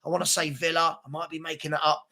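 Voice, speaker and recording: A man's voice: a little high, little pitch movement, fast talker, sharp tone. A young man hosting a casual football livestream, reading out viewer comments and rambling with lots of repeated words. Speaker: host of a daily football livestream.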